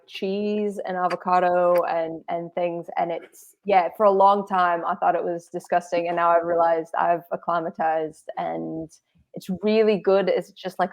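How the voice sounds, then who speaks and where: A woman co-hosting a podcast in casual chat, telling stories in a lively, animated way. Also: on the low side. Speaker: podcast co-host.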